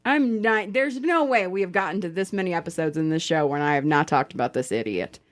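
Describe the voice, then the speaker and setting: A woman's voice: lowish voice, brisk. A woman hosting a podcast, telling stories in casual chat with plenty of swearing. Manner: animated, profane storytelling. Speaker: podcast host.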